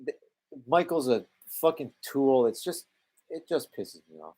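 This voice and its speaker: A man's voice: medium pitch, very animated, a little slow, darkish tone. A man with a Canadian accent giving exasperated, sarcastic live commentary over a film, swearing freely. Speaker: movie commentary live-streamer.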